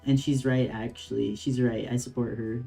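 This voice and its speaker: A man's voice: mid-range voice, flat delivery, normal speed, gravelly, mellow, faint music behind. A man streaming a game, reading its dialogue aloud and adding laid-back, slangy commentary between the lines.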